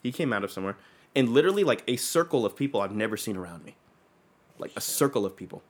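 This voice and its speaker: Young man, casual storytelling, rapid talker, rambling, lots of fillers, swearing. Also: fairly low pitch, animated. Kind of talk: casual chat.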